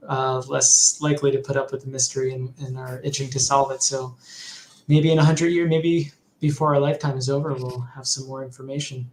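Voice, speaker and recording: A man's voice: mid-range voice, flat delivery, brisk, darkish tone, slight background noise. A man, a guest on a livestream talk show, talking thoughtfully about dreams with some restarts. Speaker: guest, lucid dreaming author. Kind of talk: casual livestream chat. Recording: roomy echo.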